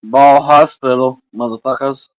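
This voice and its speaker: A man's voice: medium pitch, steady tone, measured pace, smooth, no room sound, rough recording. Profane, rambling man chatting with viewers. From Indiana. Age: 40s. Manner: profane, rambling, swears constantly. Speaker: livestream host. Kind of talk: casual chat with viewers. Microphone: streaming setup microphone.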